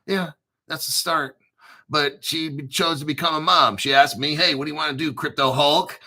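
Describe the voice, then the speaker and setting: Crude, profane male host in his 50s, rants fast and loose with a sharp, very bright tone. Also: fairly high pitch. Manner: crude, foul-mouthed, ranting. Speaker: crypto channel host. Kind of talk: profane livestream rant.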